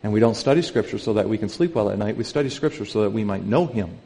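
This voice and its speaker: A middle-aged man, a pastor, preaching a sermon to his church, earnest and emphatic, climbing to loud, high exclamations. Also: animated, fast talker, gravelly. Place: church sanctuary.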